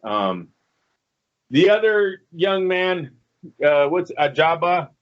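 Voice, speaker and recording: Man, podcast co-host, blunt opinionated talk, fairly high voice, dull lo-fi audio. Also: very animated, takes it slowly. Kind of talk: casual boxing podcast chat.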